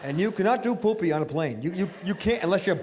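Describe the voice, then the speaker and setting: A middle-aged man doing a stand-up comedy routine on a club stage, with a brash, punchy delivery and sudden loud bursts. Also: sits high, animated, quick pace, noisy background.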